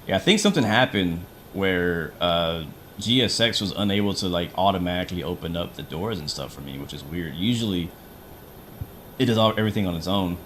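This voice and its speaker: Male streamer, lowish voice, casual chatty commentary while he works, answers chat. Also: expressive, brisk, a bit bright, a little hiss or hum. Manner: chatty, talks through each step, answers chat; frequent fillers and restarts. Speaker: flight sim streamer.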